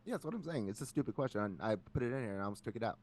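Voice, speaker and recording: A man's voice: fairly low pitch, lively intonation, very fast. A man hosting a casual podcast, joking around and reading out questions with pointed follow-ups. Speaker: podcast host.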